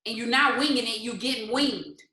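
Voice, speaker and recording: This is a woman at home giving a casual live-stream pep talk, her voice high and sharp, her pace fairly quick. She works as a motivational host, asking rhetorical questions and weaving faith-based encouragement together with colloquial asides and lots of laughter. The room sounds roomy and the recording is rough.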